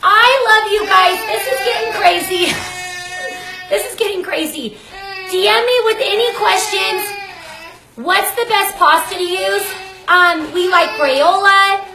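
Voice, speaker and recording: Super high-voiced lady hosting a live cooking stream from her kitchen, gushy and scattered, lots of echo. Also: measured pace, noisy background. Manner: chatty, effusive, often breaks off mid-sentence. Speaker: cooking show host. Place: home kitchen. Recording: echoey kitchen. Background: baby crying.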